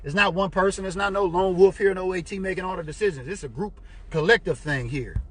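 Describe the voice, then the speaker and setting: Husky, high-voiced man chatting on a livestream. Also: fast talker. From United States. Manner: chatty, animated, frequent "you know what I'm saying". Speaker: fan group owner and live-stream host. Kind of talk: casual live-stream chat. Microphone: computer or phone mic on a live stream.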